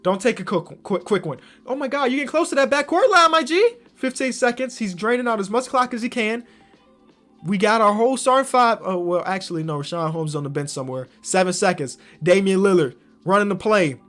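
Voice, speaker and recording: A young man giving slangy commentary on a basketball video game, swinging from low muttering to loud excited yelling. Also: fairly quick, soft background music. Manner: slangy, talks to himself about the game. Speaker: gaming YouTuber.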